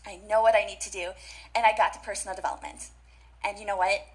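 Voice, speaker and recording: A woman's voice: medium pitch, fairly even intonation, fast talker, low-quality recording. A young adult woman giving an emphatic motivational talk at a conference, repeating key phrases and speaking straight to the audience. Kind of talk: motivational speech. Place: conference stage.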